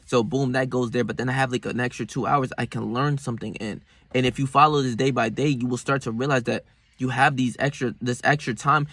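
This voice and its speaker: A young man, talking casually and rambling about his daily routine, swearing freely, with sudden bursts of loud excitement. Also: mid-range voice, dry recording. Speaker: self-improvement vlogger. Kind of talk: casual motivational monologue.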